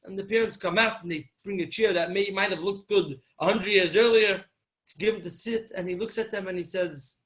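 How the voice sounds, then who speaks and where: A man giving a Torah talk as a sermon, telling a story and acting out its dialogue, swinging between loud and soft. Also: high-pitched, fairly even intonation, brisk.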